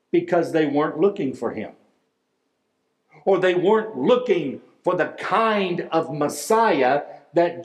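A man preaching with a high, light voice, slow and deliberate, leaning hard on key words. The sound rings around a roomy hall. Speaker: pastor. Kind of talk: sermon. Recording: echoey room.

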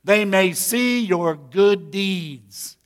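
A man's voice: sits high, expressive, drawn-out words. A pastor preaching a sermon to his congregation, talking to them directly in a folksy way. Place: church sanctuary.

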